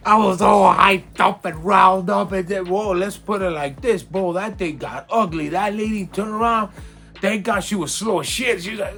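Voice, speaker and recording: Animated slangy male storyteller. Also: high voice, moderate pace, creaky, soft background music. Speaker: storyteller host. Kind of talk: casual comedic storytelling.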